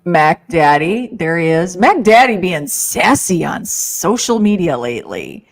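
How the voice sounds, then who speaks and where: A woman's voice: on the low side, sing-song, unhurried. A woman co-hosting a casual live stream, bubbly and upbeat as she greets viewers by name and plugs their shows. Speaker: co-host of a live paranormal network show.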